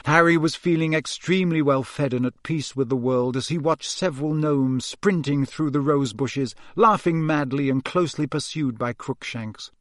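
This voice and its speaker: A man narrating an audiobook in an even, calm storytelling voice. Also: a little high, moderate pace, few pauses, dry recording, studio quality. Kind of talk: scripted narration.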